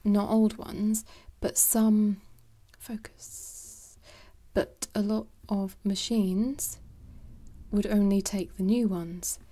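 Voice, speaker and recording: A woman chatting in a soft, rambling way for ASMR, moving between quiet speech and whispers and making jokes. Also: medium pitch, fairly even intonation, very slow. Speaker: ASMR creator.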